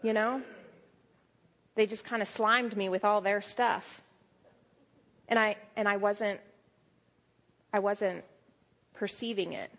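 A young adult woman preaching a sermon, telling stories with lively quoted asides. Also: mid-range voice, slow pace, pauses often.

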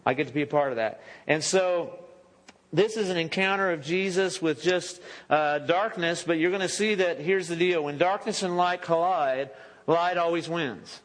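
A male pastor delivers a casual, chatty sermon full of asides and restarts. His voice sits a little high for a man. It rings out with a long reverb in a church sanctuary. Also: a little slow, fairly bright tone. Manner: conversational, joking asides and self-corrections.

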